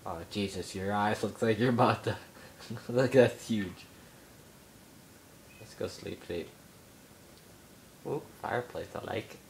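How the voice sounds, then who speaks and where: A young man giving excitable let's play commentary, yelping and mock-outraged as he explores. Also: on the low side, takes it slowly, vocal fry, pauses often, slight background noise. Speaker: gamer.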